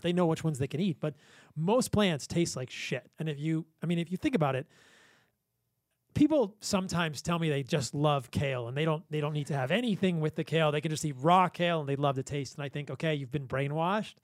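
A man's voice: a little high, no echo. A man guesting on a podcast as a physician, chatting casually and telling stories with frequent laughs. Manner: enthusiastic storyteller with frequent laughs.

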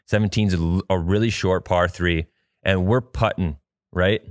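In a loose, profane chat, a man co-hosting a podcast tells a long, meandering story. He speaks low and at a moderate pace with fairly even intonation, and the clean studio sound has no room noise.

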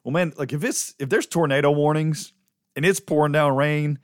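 A man's voice: a little high, moderate pace, dry recording, clean studio sound. A man co-hosting a church podcast as a pastor, talking in an easygoing, teasing way. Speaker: pastor and co-host. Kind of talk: casual podcast chat.

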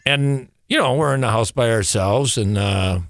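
A man's voice: medium pitch, moderate pace, a little hiss or hum. A man telling a long story as a guest on a radio show, repeating words and chuckling as he goes. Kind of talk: casual storytelling.

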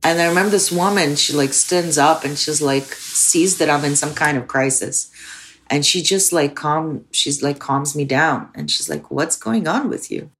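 Low-voiced woman recounting her story. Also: normal speed, a bit bright, slight background noise. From Soviet Union. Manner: emphatic, rising when recalling anger. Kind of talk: personal storytelling.

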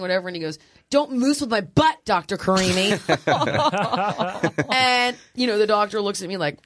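A woman's voice: mid-range voice, dry recording. A woman in her forties, a podcast host, telling a crude, funny family story in casual chat, laughing often. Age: 40s. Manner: animated, laughing, crude humor.

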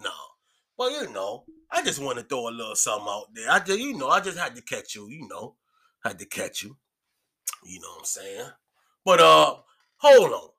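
A man's voice: medium pitch, wildly swooping pitch, normal speed, sharp tone, breathy edge. A man chatting casually as a podcast guest, boisterous and profane, laughing often. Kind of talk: casual chat.

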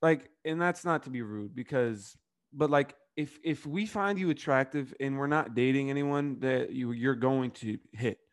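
A young man co-hosts a podcast, chatting loosely with plenty of fillers and swearing. His voice is medium in pitch at a normal speed.

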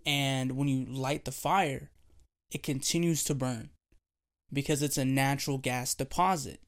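A young man preaching a devotional sermon, telling a childhood story with animated, playful delivery. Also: mid-range voice, a little slow. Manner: animated storytelling, acting out voices and laughing.

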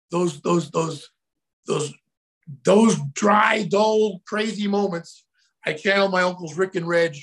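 Gravelly, high-voiced man telling stories. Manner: animated, acts out quotes with sudden shouts. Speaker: guest. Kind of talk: casual storytelling.

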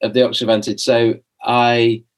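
Fairly quick and flat in delivery, this mid-range male voice belongs to a young podcast guest recounting a story from his life in a rambling way. He's conversational, backtracks repeatedly, uses "like" constantly, and acts out his own old dialogue.

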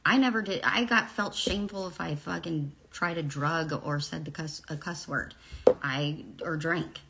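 Woman vlogger, 40s, low gravelly voice, blunt and profane, faint hiss behind. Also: moderate pace, pushed and bright. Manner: blunt, profane, rambling storytelling. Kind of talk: candid personal vlog.

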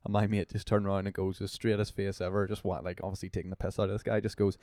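Low-voiced Northern Irish man telling stories. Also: level tone, fast talker, warm tone, no echo, clean studio sound. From Northern Ireland. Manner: rambling, swearing, filler-heavy anecdotes. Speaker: podcast guest. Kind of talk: casual storytelling chat.

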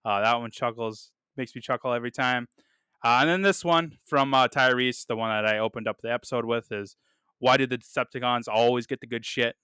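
A man's voice: medium pitch, pushed and bright, clear, resonant tone, dry recording, clean studio sound. A man hosting a casual movie review podcast, chatting loosely with many fillers and restarts. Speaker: podcast host.

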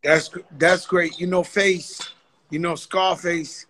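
A man with a high, bright voice hosts a loose, slangy interview. He tells his stories with plenty of banter over a video call. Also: steady tone, takes it slowly, slight background noise. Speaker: host. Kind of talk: casual interview chat.

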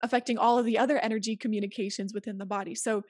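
A woman's voice: mid-range voice, steady tone, racing, darkish tone, dry recording, studio quality. A woman speaking as an interview guest, earnest and emphatic as she gives advice in casual conversation. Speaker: podcast guest.

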